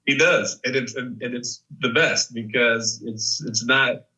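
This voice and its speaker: A man in his thirties from Chicago, an actor telling stories as a guest in a casual interview, animated and full of "like" and "man". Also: mid-range voice, unhurried, far from the mic, low-quality recording. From Chicago, USA. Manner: animated storyteller, many fillers like "like" and "man".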